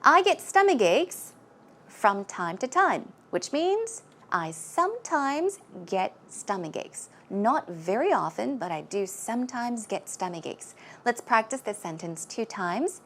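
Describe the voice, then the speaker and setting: A woman's voice: fairly high pitch, sing-song, a little slow, a bit bright, a little hiss or hum. A woman teaching English vocabulary, patiently repeating words so learners can practise pronunciation. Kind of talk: explaining vocabulary in a lesson.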